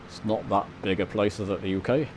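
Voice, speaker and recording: A man's voice: lowish voice, steady tone, fairly quick, darkish tone, a little hiss or hum, low-quality recording. Chatty British man narrating a flight sim. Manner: chatty, talks to viewers while flying. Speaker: flight sim video host. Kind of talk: casual commentary over gameplay.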